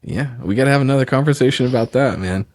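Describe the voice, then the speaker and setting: A man who is a guest on a podcast, chatting in a friendly, relaxed way and often saying "man" and "you know.". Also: medium pitch, fast. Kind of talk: casual conversation.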